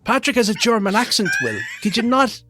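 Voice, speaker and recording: A man's voice: very high voice, fairly quick, pushed and bright, raised voice, soft background music. A man co-hosting a podcast, teasing his partner with dry wisecracks. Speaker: podcast co-host. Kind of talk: casual chat.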